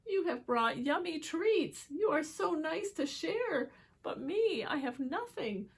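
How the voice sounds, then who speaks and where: A woman's voice: high-pitched, big pitch swings, slow, voice pushed up, exaggerated voice. A woman voicing a lonely, humble male bear in a picture book read aloud, sighing and sorrowful. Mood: humble, sad. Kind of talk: storybook reading.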